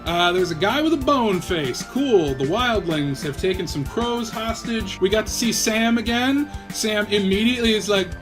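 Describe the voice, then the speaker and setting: A man's voice: high-pitched, animated, normal speed, hardly any pauses, over music. A man hosting a comedic vlog, rambling and swearing freely, tired and a bit loopy. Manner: profane, rambling, self-mocking and a bit loopy. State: tired from a marathon of viewing. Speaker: vlog host reviewing a TV series. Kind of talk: casual comedic rant to camera.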